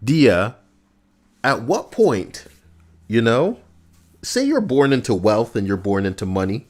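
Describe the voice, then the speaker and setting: A man live-streaming, reacting and chatting casually, swinging between loud outbursts and low mutters. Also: big pitch swings, takes it slowly.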